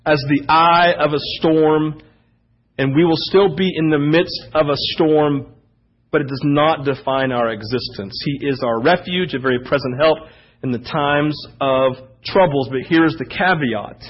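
A man preaching a sermon, animated and swinging between loud emphasis and hushed asides. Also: fairly high pitch, unhurried, highs cut off.

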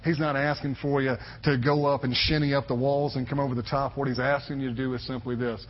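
A man's voice: mid-range voice, little pitch movement, quick pace, few pauses, slight background noise. A man in his thirties preaching a sermon as a pastor, emphatic and conversational, repeating his phrases for weight. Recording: echoey hall, dull lo-fi sound.

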